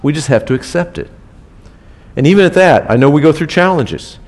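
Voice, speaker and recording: A man's voice: fairly high pitch, expressive, brisk, a little mellow. A man preaching a sermon in a casual, conversational way, repeating key phrases for emphasis. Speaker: pastor. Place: church.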